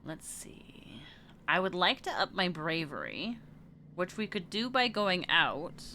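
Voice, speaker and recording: A woman's voice: on the low side, sing-song, slow, pushed and bright, a little hiss or hum. A woman streamer chatting casually while playing a video game, thinking aloud and trailing off into murmurs. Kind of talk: casual let's-play commentary.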